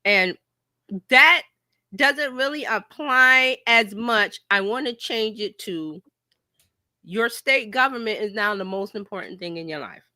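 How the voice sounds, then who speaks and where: A woman hosting a casual livestream chat as a marketing coach, talking in an animated way and slipping into playful quoted voices. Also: a little high, a little slow, no echo, studio quality. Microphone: home streaming mic.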